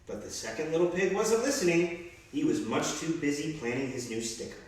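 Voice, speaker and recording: A police officer reading a children's story aloud, expressive and animated. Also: male voice, on the high side, a little fast, distant mic. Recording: very echoey room, off-mic.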